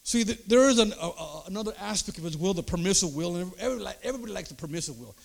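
An older man preaching a sermon, emphatic, checking in with the crowd through quick rhetorical asides. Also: sits high, animated, gravelly. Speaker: pastor.

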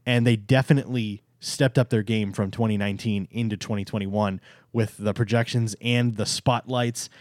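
A podcast co-host with a lowish, darkish voice chats casually about theme parks at a moderate pace with fairly even intonation. He's enthusiastic and emphatic and plugs his channel, in a clean studio recording with no room sound.

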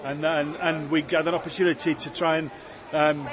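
A man's voice: on the high side, level tone, normal speed. Chatty self-deprecating man in his fifties. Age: 50s. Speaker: stallholder and amateur singer. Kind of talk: casual interview chat. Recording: outdoor crowd behind.

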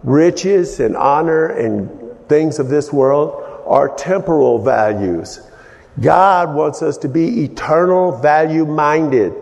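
Male preacher, slow and a bit high, halting teaching delivery; reverberant hall. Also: animated, creaky, darkish tone. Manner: halting, explanatory, many restarts and fillers. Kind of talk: sermon-style Bible teaching.

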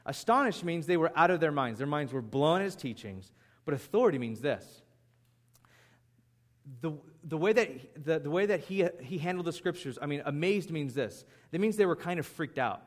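A man preaching a sermon as pastor, in an animated, conversational way. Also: a little high, normal speed.

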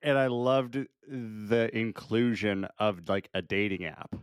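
Man podcast co-host, easygoing, chuckles a lot, lower pitch, no room sound. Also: slow pace, clear, resonant tone, dry recording, clean studio sound. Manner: relaxed, laughs often, steers the conversation. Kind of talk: casual movie chat.

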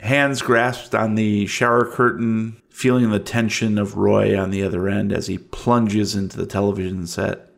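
A man narrating a horror tabletop game as game master, slow and dramatic. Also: lowish voice, level tone, vocal fry.

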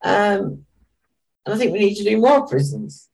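Older woman, lively pitch. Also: normal speed, vocal fry, rough recording. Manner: chatty, laughs often, plain-spoken. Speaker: guest, charity founder. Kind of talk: casual interview chat.

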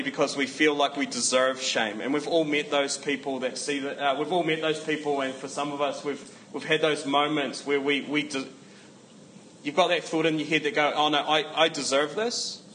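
A man's voice: fairly high pitch, fairly bright tone, a little hiss or hum, rough recording. A man preaching a casual sermon, joking asides and emphatic repetition.

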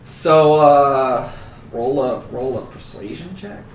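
A man's voice: mid-range voice, slow, slight background noise. A man casually narrating as game master of a tabletop game, joking with his players, recorded on a distant shared mic in an echoey room.

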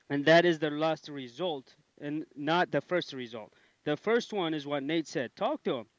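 Young male co-host, earnest and halting, slightly high voice, dry room. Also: no room sound, highs cut off. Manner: earnest, repeats words while thinking. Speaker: podcast co-host. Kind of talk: casual discussion.

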